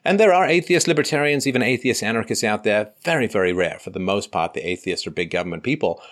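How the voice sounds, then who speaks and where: A man with a fairly low voice argues his points with animation in a political discussion. He backs up his claims with anecdotes and talks with conviction. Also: quick pace. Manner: animated, argumentative storyteller.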